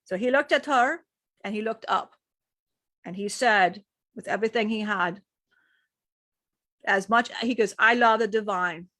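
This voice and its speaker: A woman's voice: medium pitch, a little slow, long pauses, a bit bright, no room sound. A woman, a spiritual teacher, who tells a channeled story in an earnest, rambling way. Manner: earnest, rambling retelling with frequent "he said".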